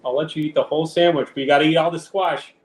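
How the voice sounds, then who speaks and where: A man's voice: on the high side, steady tone, fast talker. Casual man teasing his cat. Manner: teasing, talks baby-talk to his cat. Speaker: live streamer. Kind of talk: casual stream chat. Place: at home with a cat. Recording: echoey room, faint background noise.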